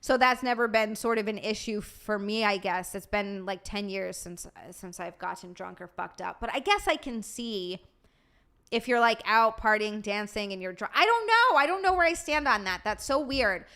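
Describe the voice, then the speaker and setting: A woman's voice: medium pitch, expressive, normal speed, pushed and bright, clear, resonant tone. A woman streamer chatting casually with her viewers, scattered and tired from lack of sleep, swearing freely. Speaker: streamer and podcast host. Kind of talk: casual livestream chat, answering viewer donations.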